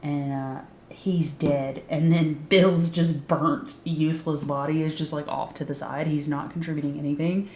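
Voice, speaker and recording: A woman's voice: sits low, steady tone, moderate pace, hardly any pauses, darkish tone, reverberant, slight background noise. A woman giving a casual, sarcastic recap of a TV show, swearing freely and saying "like" a lot. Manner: sarcastic, profane, frequent "like" fillers. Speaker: YouTube recap host.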